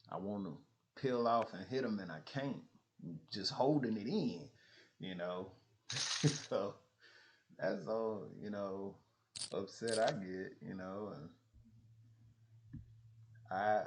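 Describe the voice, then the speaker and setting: A man's voice: low voice, slight background noise. A man talking bluntly in a casual monologue, full of profanity and frequent laughter. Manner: animated storytelling. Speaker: streamer.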